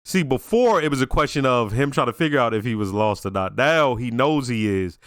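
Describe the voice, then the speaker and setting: A man giving casual reaction commentary on a TV episode, talking in a slangy, reflective, animated way. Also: medium pitch, fairly quick, smooth, no room sound, clean studio sound. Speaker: show reaction reviewer.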